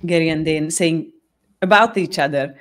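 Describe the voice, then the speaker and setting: A woman's voice: low-pitched, moderate pace. A woman hosting a casual live chat, talking candidly with frequent laughs and restarts. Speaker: host.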